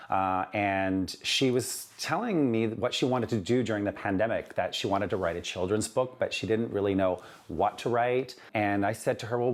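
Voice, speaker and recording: A man with a lowish voice, interviewed as a children's book author. He tells his story earnestly, warmly and in plain words, often stopping to say "you know".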